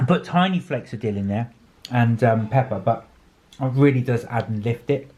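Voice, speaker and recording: A man's voice: medium pitch, lively intonation, normal speed, a little mellow, husky. A man casually describing his food while eating at home. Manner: easygoing, describing food as he eats. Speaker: vlog co-host. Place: home dining room.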